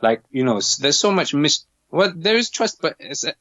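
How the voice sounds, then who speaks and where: A male doctor speaking as a guest in a casual interview, earnest and halting, with many restarts. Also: a little high, big pitch swings, a bit bright, no echo, dull audio.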